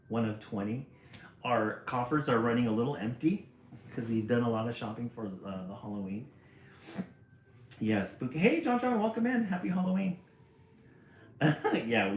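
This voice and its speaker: A man's voice: medium pitch, a little hiss or hum. A man reading a picture book aloud on a live stream, chatty and greeting viewers between pages. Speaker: livestream storybook reader. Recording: echoey room.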